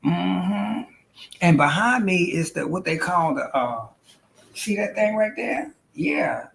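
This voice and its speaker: A woman's voice: on the low side, expressive, takes it slowly, gravelly. A woman hosting a casual livestream as an intuitive reader, chatty and playful, calling viewers honey and girl.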